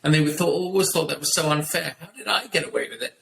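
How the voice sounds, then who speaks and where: A British man telling lively stories with laughs in a casual podcast chat. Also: on the high side, fast, creaky. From Britain. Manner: lively anecdotal storytelling with laughs. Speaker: guest, racing driver and TV host. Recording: echoey room with faint noise.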